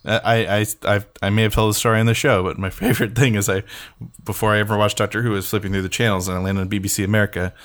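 Low-voiced man hosting a chatty podcast. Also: flat delivery, racing, a bit bright. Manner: chatty and rambling, with frequent fillers and self-interruptions. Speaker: podcast host. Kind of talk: casual chat.

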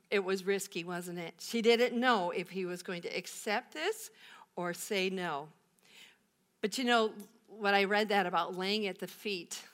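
A woman's voice: medium pitch, fairly bright tone. A woman pastor giving a sermon, telling a Bible story with rhetorical questions and emphatic repetition.

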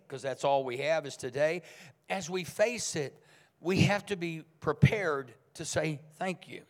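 A man's voice: fairly high pitch, long reverb tail. A man preaching a sermon as pastor, speaking in a conversational but emphatic way. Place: church sanctuary.

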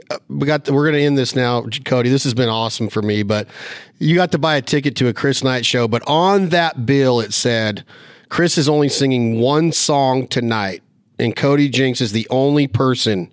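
Enthusiastic male podcast host, emphatic, mid-pitched, dry close mic. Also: normal speed, clear, resonant tone, no room sound. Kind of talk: casual interview chat.

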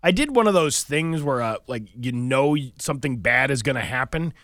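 A man's voice: medium pitch, lively intonation, normal speed, fairly bright tone, dry recording, clean studio sound. A middle-aged man co-hosting a morning radio show, telling stories in a rambling way full of fillers. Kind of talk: casual radio banter. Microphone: studio mic.

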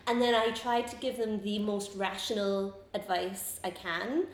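A young woman in her twenties tells rambling, animated stories in casual chat, often breaking into giggles. Her voice sits at a middling pitch, and it carries a noticeable echo from the room. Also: measured pace. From Scotland. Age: 20s. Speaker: comedian guest.

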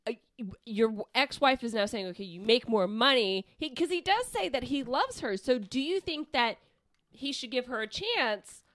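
Animated woman co-hosting a comedy podcast. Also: a little high, moderate pace. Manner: animated, steers back to the question. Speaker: podcast co-host. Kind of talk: casual comedy podcast chat.

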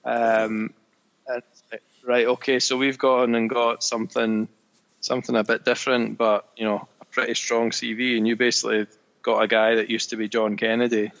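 A young man talking football on a casual podcast, calm and measured, with a dry edge. His voice sits in a middle register and he weighs his words. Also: mid-range voice, creaky, in a large hall, poor audio. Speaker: podcast co-host.

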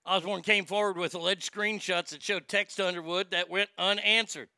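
Profane male commentator, bright cutting tone, incredulous. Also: high voice, fairly even intonation, moderate pace, smooth, dry recording, clean studio sound. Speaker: commentary host. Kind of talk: ranting news commentary.

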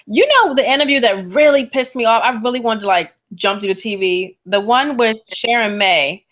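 A woman's voice: fairly high pitch, animated, moderate pace, fairly bright tone. Indignant chatty woman co-host. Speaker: podcast co-host. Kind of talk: casual chat.

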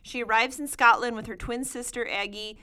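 A woman's voice: fairly high pitch, fairly even intonation, brisk, bright, forceful tone. A woman co-hosting a casual chat, enthusiastically recommending books. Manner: enthusiastic, gushing. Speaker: podcast co-host.

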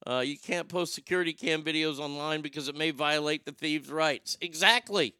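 A man's voice: a little high, moderate pace, sharp tone, clear, resonant tone, dry recording, studio quality. A man hosting a comedic news commentary show, rambling sarcastically and swearing freely. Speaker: show host.

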